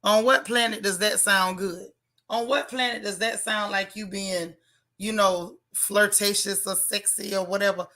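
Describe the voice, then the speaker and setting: A woman's voice: mid-range voice, steady tone, unhurried, bright, forceful tone. A woman hosting a casual live chat, blunt and sassy, reading viewer comments aloud. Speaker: livestream host.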